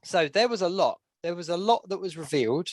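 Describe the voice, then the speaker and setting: A man runs through the week's news in relaxed podcast chat, pausing often on "um". His voice sits a bit high. The sound is dry and close. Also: no echo. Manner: chatty, with many "um"s and recaps. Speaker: podcast co-host. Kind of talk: casual chat.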